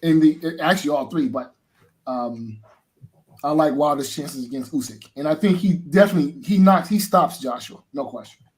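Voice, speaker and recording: Higher-voiced man breaking down a fight. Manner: halting, lots of fillers and restarts. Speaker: boxing show guest. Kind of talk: casual boxing analysis.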